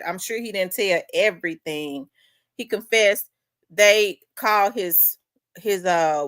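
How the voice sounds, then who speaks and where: A woman's voice: mid-range voice, fairly bright tone, no echo. A woman host telling a story in casual chat, talking in winding asides and repeating herself.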